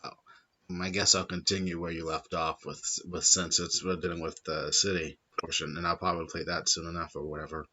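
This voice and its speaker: Low-voiced man rambling about games. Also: brisk, husky. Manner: animated, swears freely, rambling. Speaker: podcast host. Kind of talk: casual gaming chat. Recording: dull lo-fi sound.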